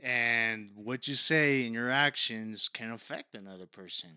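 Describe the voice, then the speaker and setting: A man's voice: mid-range voice, a little slow, bright, forceful tone, clear, resonant tone, dry recording, studio quality. A man co-hosting a podcast, chatting casually, dropping Spanish slang and explaining his points. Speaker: podcast co-host. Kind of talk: casual chat.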